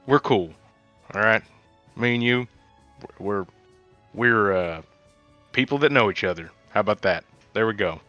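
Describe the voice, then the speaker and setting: A man talking in character at a tabletop game, wry and hesitant. His low voice is bright and lively in pitch. The mic sounds dull and dry, with faint music. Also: unhurried, long pauses, no echo. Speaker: player.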